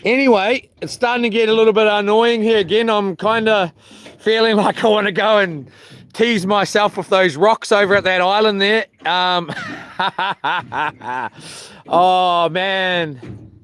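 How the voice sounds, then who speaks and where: A man's voice: high-pitched, steady tone, measured pace, a bit bright, a little hiss or hum. A man, rambling and joking to his live chat from a small boat while fishing, with lots of ums. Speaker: fishing livestreamer.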